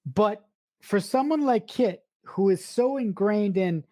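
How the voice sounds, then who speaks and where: Woman, podcast co-host, earnest opinions, mellow tone, dry sound. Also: mid-range voice, lively intonation, moderate pace, dry recording. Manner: earnest and reflective, with restarts. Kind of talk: casual film discussion.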